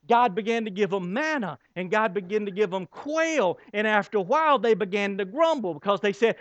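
Male pastor, high voice, sermon delivery with dramatic pauses, dry muffled recording. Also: expressive, dry recording. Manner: preaching with dramatic pauses and rhetorical questions.

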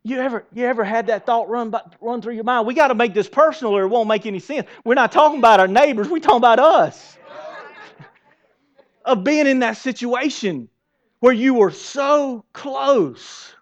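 High-pitched guy in his 40s preaching, chatty, asks the crowd stuff, goes loud then real quiet, kinda dull lo-fi sound. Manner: conversational preaching, questions the congregation; swings between loud emphasis and hushed asides. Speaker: pastor. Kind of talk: sermon.

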